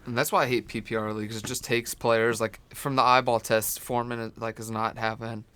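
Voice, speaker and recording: A man co-hosting a casual sports podcast who tells rambling, animated stories. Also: medium pitch, fairly quick, smooth. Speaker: podcast co-host.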